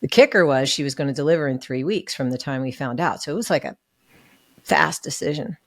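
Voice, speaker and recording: Woman guest, deep voice, earnest and emotional, dry mic. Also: lively intonation, fairly quick, no echo. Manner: earnest, emotional, acts out what others said. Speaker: podcast guest. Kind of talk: candid personal story in an interview.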